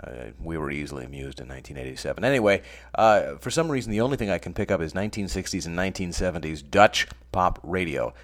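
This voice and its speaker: Deep-voiced wry American man hosting. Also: animated, fast, few pauses. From United States. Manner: dry, sardonic asides. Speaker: radio show host. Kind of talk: scripted comic radio monologue.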